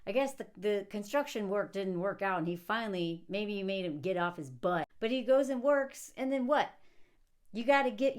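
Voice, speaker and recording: A movie commentator with a fairly high voice rants casually about a film. Sarcastic and animated, she frequently laughs mid-sentence and acts out the characters' lines.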